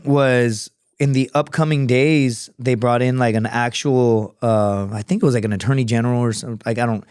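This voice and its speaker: A man who is a podcast guest, telling stories in a casual, profane and animated way, acting out other people's voices as he goes. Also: mid-range voice, normal speed, smooth, no room sound, clean studio sound. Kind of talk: casual storytelling. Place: podcast studio.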